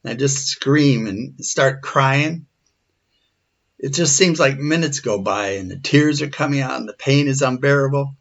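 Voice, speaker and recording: A man's voice: mid-range voice, measured pace, creaky. A man in his forties, shaken and earnest, telling a personal story. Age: 40s. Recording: dull lo-fi recording.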